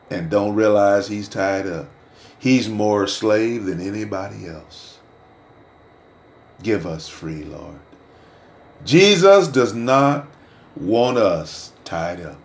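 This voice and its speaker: Animated preaching man in a roomy space. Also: lowish voice. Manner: swings between hushed murmurs and loud shouted peaks. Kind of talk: preaching with personal testimony. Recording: roomy echo.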